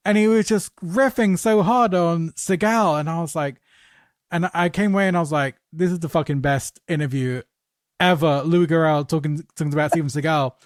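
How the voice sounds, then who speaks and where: A podcast host tells stories in a casual, animated way and swears freely. His voice sits a bit above the usual pitch for a man. The sound is close and dry, with no room echo. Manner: animated anecdote teller, swearing, quick asides. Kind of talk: casual podcast chat, storytelling.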